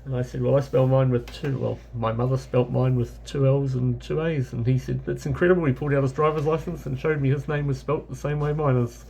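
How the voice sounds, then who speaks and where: Brisk and gravelly, this medium-pitched man barely moves his pitch and rarely pauses, with a darkish tone. He's a New Zealand travel vlogger with a New Zealand accent, spinning a rambling, casual travel story packed with fillers and self-corrections. Slight hiss or hum in the background.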